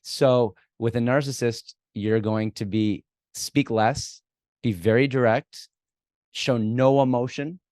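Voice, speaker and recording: A man's voice: mid-range voice, steady tone, slow pace, a little mellow, dry recording, studio quality. A man speaking as a guest expert in an interview, giving direct, emphatic advice and acting out the lines he suggests people say. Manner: direct, emphatic, acts out what to say. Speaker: guest expert on workplace conflict.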